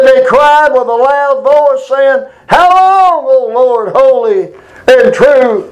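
A man's voice: sits high, darkish tone, roomy sound, rough recording. A man preaching a plainspoken Bible sermon, reading scripture aloud and adding folksy asides.

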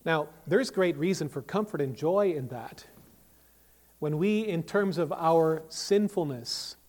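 Pastor, male, higher-pitched voice, preaching emphatically to the congregation, reverberant church sound. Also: takes it slowly, darkish tone. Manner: emphatic, rises and falls sharply in volume, asks rhetorical questions. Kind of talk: sermon. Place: church sanctuary. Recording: long reverb of a church hall.

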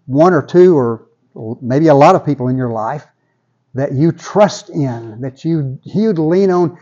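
A man's voice: a little high, mellow, lo-fi sound. A man preaching a sermon in a conversational way, often repeating words as he builds toward a point. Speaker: pastor.

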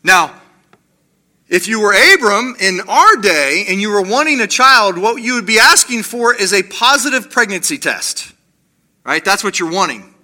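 A man preaching a sermon, animated, acting out the voices he quotes and slowing to quiet emphasis on key lines. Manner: animated, acts out quoted voices with rising pitch. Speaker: pastor.

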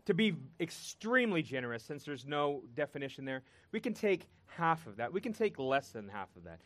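A man preaching a sermon, earnest and emphatic, pausing and repeating words for weight. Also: fairly high pitch, very animated, a bit bright, no room sound.

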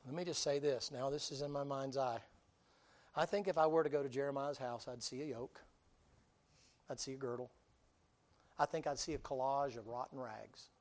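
A man preaching in a folksy drawl. He tells his story in an animated way, acts out the people in it, and now and then bursts out loudly. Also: mid-range voice, normal speed, long pauses. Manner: folksy, animated storytelling with acted-out voices and sudden loud bursts. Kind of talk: storytelling sermon.

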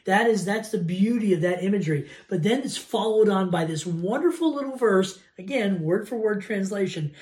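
Guy doing a casual bible study talk, chatty, lots of restarts, gets animated sometimes. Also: high voice, moderate pace, few pauses. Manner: conversational, with many restarts and animated asides. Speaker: Bible teacher.

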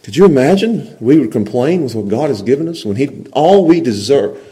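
A man's voice: mid-range voice, animated, fairly quick, dark tone, poor audio. A middle-aged man preaching a sermon, acting out people's complaints in grumbling voices and chuckling as he goes.

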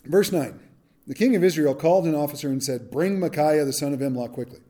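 A man's voice: a little high, fairly quick. A man preaching a verse-by-verse sermon, reading scripture aloud and acting out the speakers in casual modern slang. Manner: animated, acts out quotes in modern slang. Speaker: pastor. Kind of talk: expository sermon.

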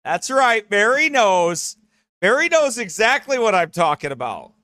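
A man teasing a friend in casual, joking banter, playful and animated. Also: high voice, measured pace, no echo, studio quality.

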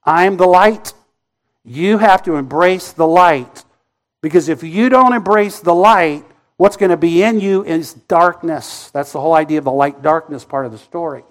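A man preaching a Sunday sermon as pastor, telling the story dramatically and acting out the voices in it, rising loud and dropping soft. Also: fairly high pitch, normal speed. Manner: dramatic storytelling, acting out quoted voices, wide swings in loudness.

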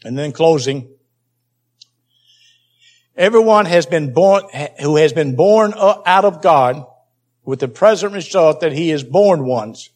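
A man's voice: a little high, expressive, takes it slowly, long pauses, a little mellow. A man preaching a Bible teaching sermon, emphatic and repeating key phrases for stress.

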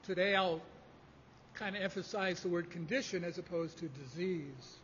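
A man preaching a sermon, measured and emphatic in delivery. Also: high-pitched, a bit bright, a little hiss or hum. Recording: dull lo-fi audio in a reverberant hall.

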